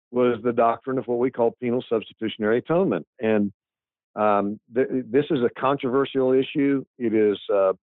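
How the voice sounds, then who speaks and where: A man's voice: medium pitch, dry recording. A man speaks as a pastor in an interview, earnest and emphatic, often restarting his sentences. His voice comes through a thin, phone-like line. The sound is very dry, with no room to it. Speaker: pastor and author. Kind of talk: interview answers.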